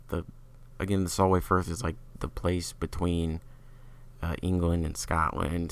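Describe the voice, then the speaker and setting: A man's voice: low voice, creaky. A young man hosting a podcast, giving an opinionated, rambling review of an album in a casual way with lots of filler words. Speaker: podcast host.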